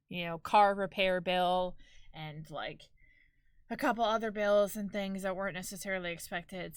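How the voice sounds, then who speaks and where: A woman streaming live and chatting casually to her viewers, expressive and quick to laugh. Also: medium pitch, smooth, dry recording.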